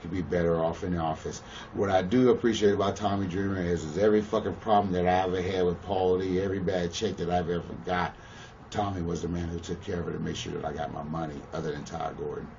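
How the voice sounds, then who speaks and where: A man's voice: deep voice, steady tone, fast talker, gravelly, darkish tone. A man in a shoot interview, talking bluntly and profanely and often checking "you know what I'm saying.". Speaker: pro wrestler interviewee. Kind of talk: shoot interview, casual storytelling. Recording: muffled, distant mic with faint hiss.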